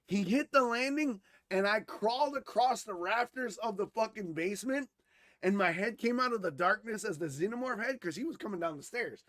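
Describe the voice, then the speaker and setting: A man co-hosting a podcast, telling a story casually, animated and swearing freely, who grew up in Wisconsin. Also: high voice, fairly quick, no echo, clean studio sound. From Wisconsin, USA. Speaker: podcast co-host.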